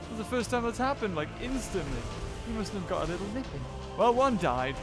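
A young man giving excited commentary while playing a survival game, laughing often and putting silly lines in the creatures' mouths. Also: high voice, a little fast. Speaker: gaming YouTuber. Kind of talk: let's play commentary. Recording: game music behind.

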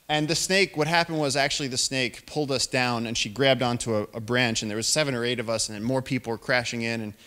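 A young adult man giving a live storytelling talk to an audience, animated and acting out the voices of the people in his story. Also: mid-range voice. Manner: animated storyteller, acts out quoted voices, rising excitement. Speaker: featured speaker.

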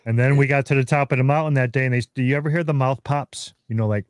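A man being interviewed as a guest, excitedly retelling his field experiences in casual talk. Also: mid-range voice, fast talker, no echo. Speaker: guest researcher.

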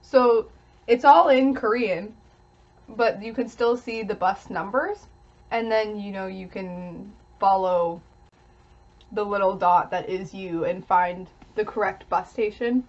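A woman's voice: medium pitch, slow, highs cut off. A young woman, talking casually to camera while eating, chatty with little giggles. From Canada. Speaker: vlogger.

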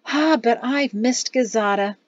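A woman's voice: fairly high pitch, unhurried, no echo, lightly acted. A practical mother speaks with dry exasperation in a slightly raised voice, as a woman reading an audiobook acts her out. The recording is dry and a little dull. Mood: wry. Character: wry, practical wife and mother.

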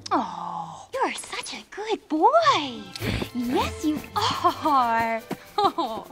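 A sweet young princess. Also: female voice, sits high, wildly swooping pitch, very slow, over loud music, exaggerated voice. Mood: coaxing. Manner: sweet, coaxing. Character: cheerful kind young princess with a horse. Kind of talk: animated film dialogue.

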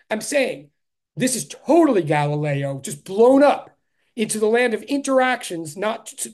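A man, a physics professor, giving an animated conceptual lecture to an online class, thinking aloud with frequent restarts and dry sarcastic asides. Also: very high voice. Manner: emphatic, stressing ideas with repeated "really".

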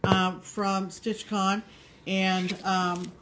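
A woman co-hosting a cross-stitch show, chatting casually to viewers in a measured, halting way with many pauses. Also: mid-range voice, little pitch movement, noisy background.

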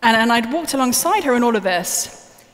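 Her fairly high, fairly bright voice is expressive and goes at normal speed as this conference speaker chats and jokes with the audience from the stage. It's a live talk in a large conference hall, recorded on a stage microphone with hall reverb and faint noise.

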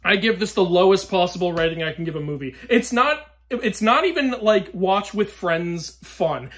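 A young man giving a ranting movie review, exasperated and swearing, swinging between loud outbursts and weary sighs. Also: high-pitched.

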